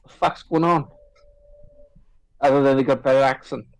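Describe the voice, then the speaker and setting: Halting, chatty man. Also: medium pitch, fairly even intonation, poor audio. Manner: rambling, halting restarts, frequent laughs. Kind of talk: casual chat.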